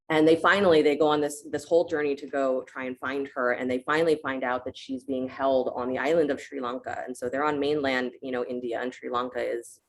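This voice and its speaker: A woman yoga teacher with an unusually deep voice tells a myth to her class. She speaks conversationally and often pauses to check in with "right?", as if talking with students in the room. Faint noise hums underneath her voice.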